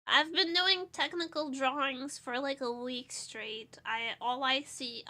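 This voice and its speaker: A woman's voice: high voice, fairly even intonation, slow, bright, forceful tone. A Portuguese woman with a Portuguese accent chatting casually on a stream, playful and rambling, stressed and tired. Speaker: vtuber streamer.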